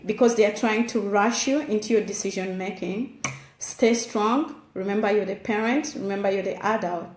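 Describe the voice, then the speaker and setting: A woman's voice: mid-range voice, steady tone, normal speed, a little mellow. Earnest woman giving parenting tips, roomy echo. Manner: direct and earnest, addresses listener as "you". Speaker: parenting advice speaker. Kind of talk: instructive advice talk.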